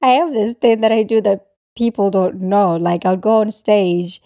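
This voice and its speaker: A woman from England hosting a casual chat, frank and quick to laugh. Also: mid-range voice, fairly even intonation, mellow, dry recording, clean studio sound. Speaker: podcast host.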